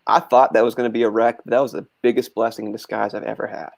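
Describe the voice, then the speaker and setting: A man's voice: lowish voice, little pitch movement, fast talker, creaky. A man who is a wellness coach, speaking as a guest on an online talk show, giving earnest advice in a friendly, joking way. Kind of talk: casual chat.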